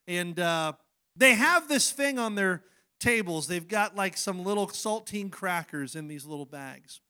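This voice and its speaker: A middle-aged man preaching in a casual, folksy voice that sits unusually high for a man. He tells homely stories and stammers into frequent restarts. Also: bright, forceful tone. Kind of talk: sermon.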